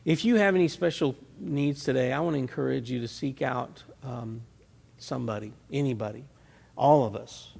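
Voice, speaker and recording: A man's voice: medium pitch, normal speed, creaky, darkish tone, breathy edge. A male pastor, preaching a folksy, conversational sermon built on homely analogies. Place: church sanctuary. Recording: reverberant church hall.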